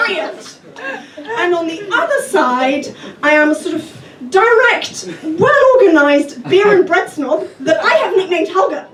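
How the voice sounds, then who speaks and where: High-voiced woman doing stand-up in an echoey club. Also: very noisy. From half English, half German. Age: young adult. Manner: animated, self-deprecating, bursts into mock rants. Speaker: stand-up comedian. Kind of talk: stand-up comedy set. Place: small comedy club stage. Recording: echoey club recorded from far off. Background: audience laughing.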